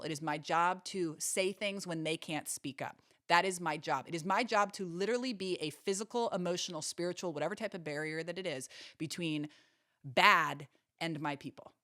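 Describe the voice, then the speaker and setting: Woman host, lowish voice, close dry mic, earnest and emphatic monologue. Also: a bit bright, no echo. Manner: earnest, emphatic, repeats phrases for stress. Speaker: podcast host. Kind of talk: personal storytelling monologue.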